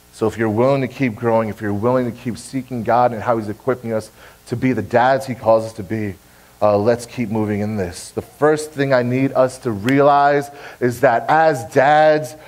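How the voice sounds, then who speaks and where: A man's voice: fairly high pitch, low-quality recording. A young adult man, a pastor, preaching a sermon in a church in an earnest, direct way, repeating key phrases to press the point. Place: church sanctuary.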